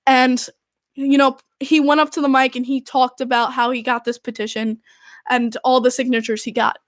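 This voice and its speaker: At a moderate pace, a young woman with a high voice hosts a podcast and casually retells what happened, animated and exasperated, leaning on "like" constantly. Her recording sounds dry and clean, as from a studio.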